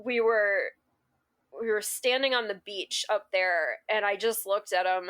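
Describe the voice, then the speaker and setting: A woman's voice: mid-range voice, fairly even intonation, a little slow, a bit bright, smooth. A woman guest on a podcast, recounting a personal story in a rambling, emotional way, restarting sentences and laughing often. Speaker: guest cake artist. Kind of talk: casual interview storytelling.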